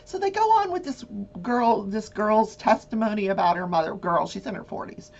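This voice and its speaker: Husky animated woman recapping a trial. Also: mid-range voice, normal speed, muffled recording. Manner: animated, acts out voices and swears. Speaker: talk show host. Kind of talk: casual true-crime commentary.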